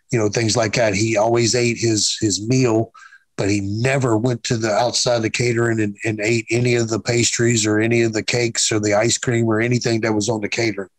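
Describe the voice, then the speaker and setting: A man's voice: lowish voice, no room sound, rough recording. Blunt, profane man in his fifties. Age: 50s. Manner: blunt, profane, acts out quoted dialogue. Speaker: guest, former pro wrestler. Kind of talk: casual storytelling interview.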